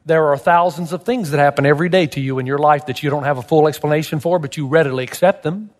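A male pastor preaching a sermon, animated and emphatic, firing rhetorical questions at the congregation. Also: a little high, quick pace, hardly any pauses, big-room sound. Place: church.

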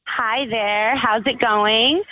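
A woman's voice: a little high, steady tone, takes it slowly, no echo, rough recording. An American woman calling in to a radio show, playful and coy. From United States. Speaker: caller. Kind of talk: call-in radio chat. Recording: loud crowd noise.

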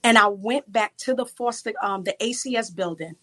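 A woman's voice: medium pitch, normal speed, a bit bright. A woman from New York in her thirties or forties, giving a fervent, preacherly testimony as a podcast guest. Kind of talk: testimony in an interview.

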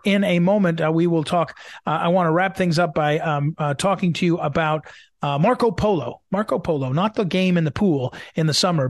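A man hosting a political talk show, his voice sitting high for a man. He argues with emphatic energy, full of "uh"s and quick restarts. The sound is dry and close, with no room around it. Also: no room sound. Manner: animated, emphatic, many fillers and restarts. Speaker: host.

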